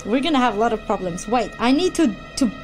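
A woman streaming a game playthrough, yelling and squealing in excited reactions as she plays. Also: fairly high pitch, fast talker. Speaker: gameplay streamer. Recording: loud game music behind.

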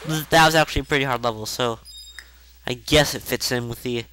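A man casually commenting on a video game as he plays, chatty and rambling, with self-mocking asides and excited outbursts. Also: mid-range voice, fairly quick, a little hiss or hum. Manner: excitable outbursts during play. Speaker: video game let's-play host. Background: faint game music.

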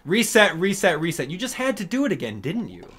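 A man voicing a cranky, sarcastic male mole from a video game, reading its lines aloud in a loud, nagging voice. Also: high voice, sing-song, fairly quick, breathy edge, soft background music, voice pushed up, full character voice. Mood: exasperated.

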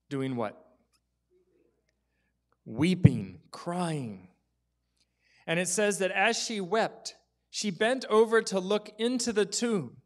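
A pastor preaches in a church, and his voice sits high for a man. He tells the story with plenty of drama, acting out the people in it. He drops to a whisper at the key moments. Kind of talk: sermon.

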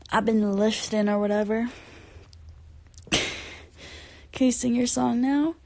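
Her voice a little high and fairly even in intonation, with vocal fry and a slow pace, a tired singer chats on a late-night livestream from home at bedtime. Holding the phone camera close, she rambles, giggles, reads fans' comments and sometimes whispers, and the recording is dry. She's had no sleep.

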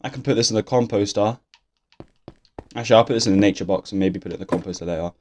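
A man's voice: lowish voice, racing, a little mellow, a little hiss or hum. A young man, talking through a game in a casual, swear-filled, grumbling ramble. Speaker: gaming YouTuber. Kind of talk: casual let's-play commentary.

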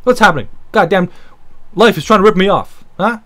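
A man mimicking a petty, furious woman customer who yells repetitive accusing questions at staff. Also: high voice, expressive, brisk. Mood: ranting.

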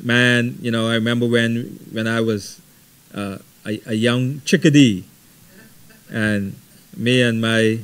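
A middle-aged man leading a Bible study, teaching conversationally with lively stories and frequent "right?". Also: medium pitch, slow pace, clear, resonant tone. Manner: animated storytelling, frequent ums and repeated "right?".

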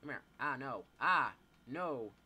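A teenage boy giving live gameplay commentary, excitable, yelping and swearing as things happen. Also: mid-range voice, slow, husky. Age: teens. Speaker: gamer.

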